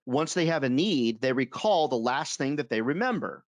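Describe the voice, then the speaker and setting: Man, webinar trainer, lively storyteller, amused, dry close mic. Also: medium pitch, normal speed, no echo. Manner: storytelling, animated, self-amused. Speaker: advertising sales trainer. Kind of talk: webinar talk.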